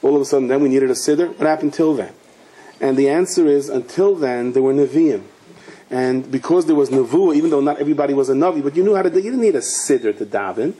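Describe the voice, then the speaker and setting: A man's voice: mid-range voice, fast, dark tone, husky. A man, a rabbi, giving a sermon in a storytelling way, asking questions and mixing in Hebrew and Yiddish words.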